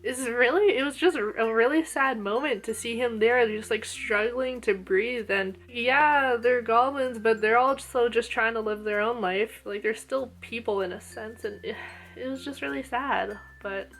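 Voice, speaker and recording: Gushing, excitable young-sounding woman. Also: on the high side, a little slow. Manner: gushing, excitable, lots of fillers like "oh my gosh". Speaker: anime reviewer. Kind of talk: casual video review.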